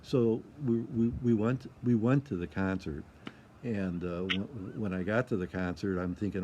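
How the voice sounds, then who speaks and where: A man's voice: sits low, normal speed, darkish tone, a little hiss or hum. An older man from Michigan, an interview guest who tells stories in a rambling way, repeats himself and acts out what people said. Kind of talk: casual storytelling.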